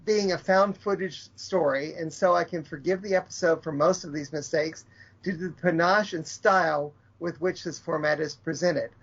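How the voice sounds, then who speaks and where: A man's voice: a little high, fairly even intonation, normal speed, a bit bright, slightly rough, muffled recording. A man co-hosting a podcast, reading out a dry, wry review of an episode. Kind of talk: read review.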